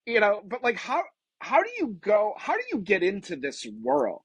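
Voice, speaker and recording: A podcast host in his late thirties chats casually in an interview, rambling loosely with plenty of fillers and some mild swearing. His voice is high-pitched with huge swings in pitch, a touch rough, at normal speed, and the recording is dry.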